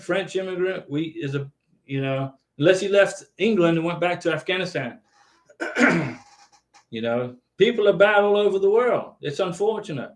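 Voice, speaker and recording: High-voiced older man in an echoey room. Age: 60s. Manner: earnest, repetitive, folksy, tags lines with 'okay'. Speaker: host of an immigration advice live stream. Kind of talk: casual live-stream chat.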